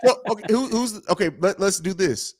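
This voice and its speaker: Over a loud crowd, a man with a high voice talks briskly as co-host of a sports podcast. He argues his side in casual debate, builds his points with stats, and repeats phrases.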